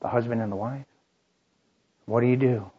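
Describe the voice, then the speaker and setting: A man's voice: medium pitch, steady tone, moderate pace, slightly rough, dull audio. A man preaching, telling a story in the third person in short dramatic lines with frequent restarts. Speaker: pastor. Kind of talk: sermon storytelling.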